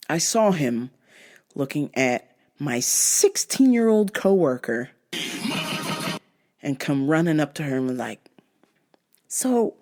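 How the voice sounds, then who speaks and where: A woman's voice: lowish voice, a little mellow. A young woman hosting a podcast, ranting casually with lots of profanity and mocking voices. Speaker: podcast host. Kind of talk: casual rant monologue.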